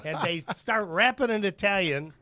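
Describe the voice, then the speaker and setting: A man guest on a talk show telling animated anecdotes. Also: high-pitched, moderate pace. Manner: animated storyteller, acts out voices.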